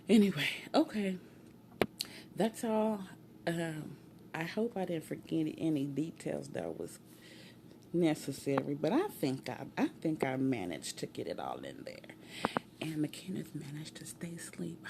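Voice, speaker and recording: A woman telling a casual story from home, animated and acting out voices, with hushed asides. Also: lowish voice, moderate pace, creaky, background noise. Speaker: storytime vlogger and mother.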